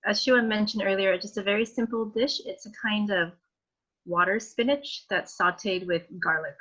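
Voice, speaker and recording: A woman's voice: medium pitch, steady tone, normal speed, fairly bright tone. A woman in an online workshop answering a question in an easygoing way. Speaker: workshop participant. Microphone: video call. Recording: dull lo-fi video call audio.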